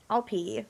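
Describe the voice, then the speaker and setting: A woman's voice: creaky, pushed and bright. Bubbly young woman streamer chatting. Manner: bubbly and chatty, quick jumps in pitch, giggly. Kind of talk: casual livestream chat reading viewer messages. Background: faint music.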